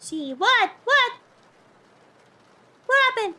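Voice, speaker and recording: A woman's voice: very high voice, very animated, slow pace, pushed and bright, a little hiss or hum. A young woman streamer chatting casually with viewers, playful and flustered, laughing often.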